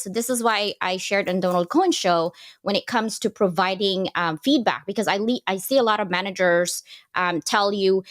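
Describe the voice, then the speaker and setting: A woman talking as a guest on a live panel chat, animated and emphatic, a little self-deprecating. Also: mid-range voice, moderate pace.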